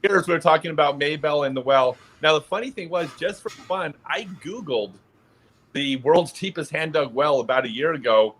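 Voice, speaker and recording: A man's voice: fairly high pitch, moderate pace, a little hiss or hum. A man, a podcast guest, telling an anecdote in casual chat and laughing in the middle of his sentences. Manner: animated storyteller, laughs mid-sentence.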